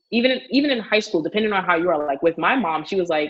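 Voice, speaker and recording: A woman teacher talking casually on a podcast, telling animated stories full of "like" and laughter. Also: lowish voice, fast talker, dull audio. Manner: animated storytelling, frequent "like", laughs often. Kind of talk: casual conversation.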